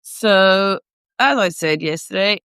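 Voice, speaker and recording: A woman's voice: medium pitch, slow pace, fairly bright tone, smooth, no echo. A woman vlogger in casual, rambling chat, answering viewer comments in a playful way.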